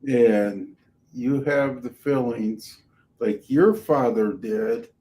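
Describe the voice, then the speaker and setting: A man co-hosting a casual podcast, speaking in a slow, reflective, soft-spoken way. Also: mid-range voice, noisy background. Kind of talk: casual chat.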